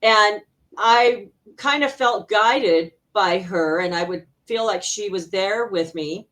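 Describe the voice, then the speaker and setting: A middle-aged woman from Arizona speaks as a guest on an interview show, telling her own story about her work as an intuitive healer. She talks animatedly, laughs often and acts out the voices of people in her story. Her pitch sits in the usual middle range for a woman. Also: slow pace, fairly bright tone. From Arizona, USA. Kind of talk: personal storytelling in a conversational interview.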